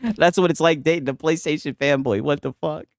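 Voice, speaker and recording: A man's voice: on the high side, fairly quick, gravelly, a little hiss or hum. A man streaming casual reaction commentary, laughing and swearing as he mocks a clip. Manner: profane, laughing, mocking.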